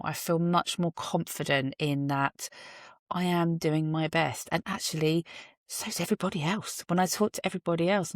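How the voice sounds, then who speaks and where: Recorded by phone in a parked car, this woman's podcast is a reflective solo monologue where she thinks aloud earnestly and drops self-deprecating asides. Her voice is deep, with no echo and clean studio sound.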